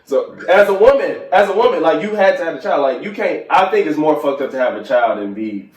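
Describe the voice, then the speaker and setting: A man's voice: a little high, brisk. A young man co-hosting a podcast, arguing his point and cutting in on others. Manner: animated, cuts in to argue. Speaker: podcast co-host. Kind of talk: casual chat. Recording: echoey room, mic at a distance.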